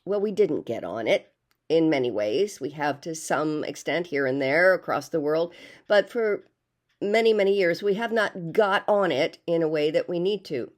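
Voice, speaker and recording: Older female vlogger with a lowish voice, rambling and hesitant, lots of fillers. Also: animated, normal speed. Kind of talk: casual monologue to camera.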